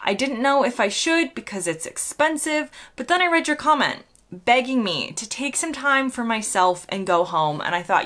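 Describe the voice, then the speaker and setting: Croaky American woman, mock-sincere. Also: on the high side, expressive, moderate pace, fairly bright tone. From United States. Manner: dry, mock-sincere sarcasm. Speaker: vlogger. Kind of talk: reading and answering comments.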